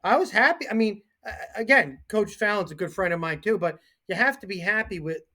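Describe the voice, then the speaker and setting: A man with a high-sitting voice speaks a little fast while co-hosting a laid-back sports talk show. He tells stories with lots of energy, acting out the people he quotes.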